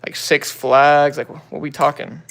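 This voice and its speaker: A man's voice: a little high, little pitch movement, normal speed, gravelly, a bit bright. A young man hosting a livestream on his phone, casually greeting viewers and answering comments in laid-back slang. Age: young adult. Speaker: livestream host.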